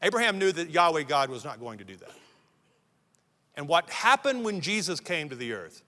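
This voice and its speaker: A middle-aged man from the United States preaches with a high, forceful voice, driving his points home in stacked, repeated phrases. His words ring out with the long reverb of a large church hall. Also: sing-song, moderate pace. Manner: emphatic preaching, building lists and repeated phrases. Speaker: pastor. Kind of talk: sermon. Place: church sanctuary.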